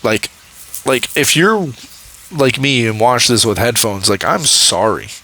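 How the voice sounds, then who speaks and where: A man's voice: mid-range voice, lively intonation, a little slow, bright, forceful tone, low-quality recording. A young man casually reviewing a show, rambling with many fillers and restarts and laughing often. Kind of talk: casual commentary.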